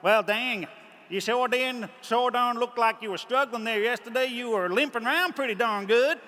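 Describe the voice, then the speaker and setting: An Australian man voicing a nosy drawling American gentleman, heard in an echoey arena. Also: extremely high pitch, moderate pace, a little hiss or hum, voice pushed up. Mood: prying. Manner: drawling, prying. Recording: echoey arena with faint ambience.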